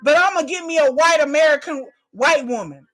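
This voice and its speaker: A woman's voice: sits high, brisk, fairly bright tone, soft background music. A woman doing a live reaction stream, delivering a profane comedic rant. She swears constantly, repeats lines for emphasis and keeps breaking into laughter.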